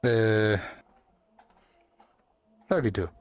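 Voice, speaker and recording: A man chatting casually as a fellow player over voice chat, laid-back and quick to laugh. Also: fairly low pitch, clean tone.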